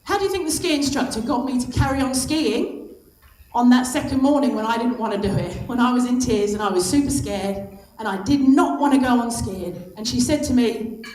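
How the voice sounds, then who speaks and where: A woman in her fifties, a guest speaker on stage at a lunch event, gives an impassioned, emphatic motivational speech, repeating herself for stress. Her voice is on the high side, brisk and darkish in tone, and the hall is echoey.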